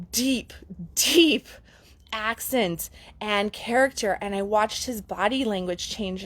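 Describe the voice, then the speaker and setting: A middle-aged woman, a relationship coach, telling a candid story to her camera in a chatty vlog, laughing easily. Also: fairly high pitch. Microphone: camera mic.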